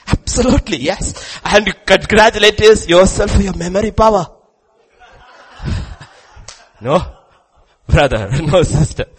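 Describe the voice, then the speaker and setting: A man preacher delivering a sermon, swinging between loud urging and quiet drops. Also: on the low side, husky, low-quality recording.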